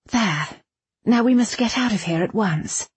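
A woman voicing a commanding, brisk female librarian who gives sharp, dismissive orders. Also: mid-range voice, lively intonation, breathy edge, no echo, pitched above the performer's own voice.

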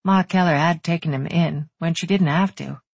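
Hörbuchsprecherin: tief, etwas rau, ruhig und gleichmäßig. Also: female voice, low-pitched, normal speed, gravelly, a little mellow, slightly rough, no echo. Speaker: audiobook narrator. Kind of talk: scripted narration.

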